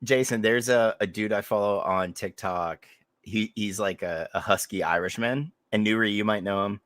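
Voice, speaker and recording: Bright-voiced, emphatic podcast co-host. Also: male voice, fairly low pitch, moderate pace, no echo, studio quality. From Northeast Ohio. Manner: emphatic, profane, argumentative. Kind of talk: casual podcast banter.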